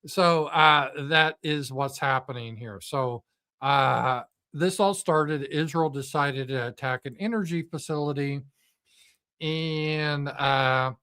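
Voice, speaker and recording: A man's voice: medium pitch, fairly bright tone, smooth. Profane, sarcastic man hosting. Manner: profane, sarcastic and mocking, with frequent fillers. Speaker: host of a live news commentary stream. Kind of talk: unscripted political commentary.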